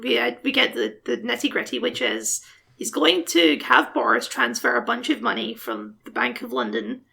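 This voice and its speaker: A woman's voice: fairly high pitch, sing-song, moderate pace, vocal fry, pushed and bright, breathy edge. A woman co-hosting a podcast, making wry, playful comments on a film and mimicking sound effects. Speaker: podcast co-host. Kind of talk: casual film recap chat.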